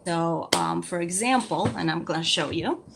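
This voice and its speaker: Talking to parents at normal speed, the guest speech therapist walks through speech activities for little kids, her lowish voice carrying vocal fry. She's patient, goes over the main points again and keeps checking "okay?", all against background noise.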